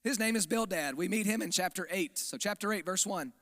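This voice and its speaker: A man's voice: high-pitched, brisk, fairly bright tone. A man preaching a sermon in a conversational, emphatic way, often checking the audience is following. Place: church sanctuary. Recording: long hall reverb.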